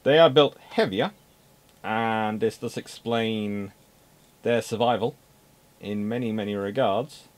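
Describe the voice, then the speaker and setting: Man, low-pitched voice, history presenter, unscripted talk, emphatic, dry asides. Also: takes it slowly, long pauses. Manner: emphatic, repeats words for stress, dry asides.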